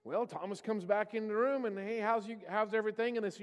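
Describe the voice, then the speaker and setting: A man with a high voice preaches a sermon in a church. The sound carries a long reverb from the hall around him. He tells scripture stories and slips into the voices of the people in them. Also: fairly even intonation, fast, clear, resonant tone, lo-fi sound. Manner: storytelling, acting out quoted voices. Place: church sanctuary.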